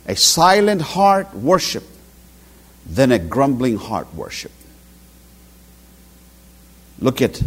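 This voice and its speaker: A middle-aged man preaching a sermon, telling stories and acting out quotes. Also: mid-range voice. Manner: animated storytelling with acted quotes.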